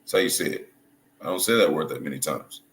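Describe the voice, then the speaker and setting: A man giving casual video commentary as a religious commentator, halting and hunting for words, often checking in with his listeners. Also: rumbling low, lively intonation, a bit bright. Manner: halting, restarts and hunts for words, checks in with "right?" and "you see?". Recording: echoey room with faint noise.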